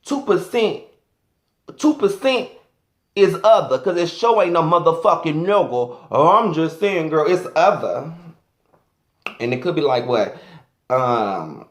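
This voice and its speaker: A man's voice: fairly high pitch, lively intonation, measured pace, a bit bright, reverberant. A man doing a sassy, flamboyant, profane comic rant as a vlogger.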